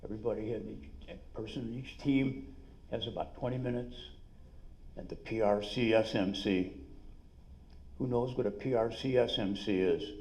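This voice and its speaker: A middle-aged man with a New York twang pitches business ideas to a conference crowd with punchy, salesy energy and quick asides. His voice sits fairly low and has a mellow, dark tone. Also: fairly even intonation. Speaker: dentist and business speaker. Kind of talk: live seminar talk. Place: conference room.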